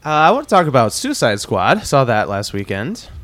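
A man on a podcast, chatting casually in a slow, hesitant way. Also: mid-range voice, huge pitch swings, a bit bright, no room sound. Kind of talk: casual chat.

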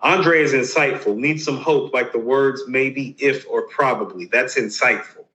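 A man's voice: medium pitch, a little slow, pushed and bright, rough recording. A man co-hosting a casual debate on a live stream, emphatic and insistent as he argues his point.

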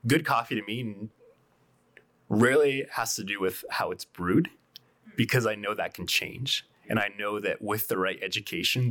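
A man's voice: on the low side, a bit bright. A man who co-owns a coffee shop, talking casually and thoughtfully as a podcast guest, often repeating a word as he starts a thought.

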